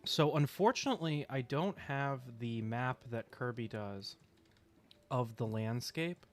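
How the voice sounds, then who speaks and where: A young man chatting casually on a game stream, rambling with fillers, clearing his throat and hiccuping now and then. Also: mid-range voice, measured pace. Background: faint music.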